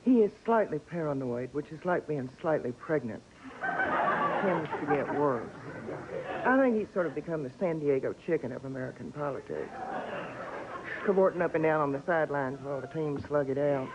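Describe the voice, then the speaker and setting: A woman's voice: sits low, expressive, normal speed, lo-fi sound, heavy background noise. A woman from East Texas with a Texan accent, a columnist and author telling stories with dry, wry humor as a guest on a talk show.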